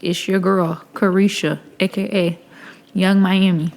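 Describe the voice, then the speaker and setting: A woman's voice: mid-range voice, flat delivery, measured pace, darkish tone. A young woman co-hosting a podcast in casual banter, often echoing her co-host's lines. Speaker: podcast co-host. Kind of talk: casual chat.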